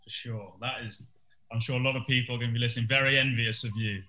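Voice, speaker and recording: A man's voice: medium pitch, steady tone, fast talker, pushed and bright, echoey room, low-quality recording. A male interview host asking hesitant questions with many fillers, on a video call.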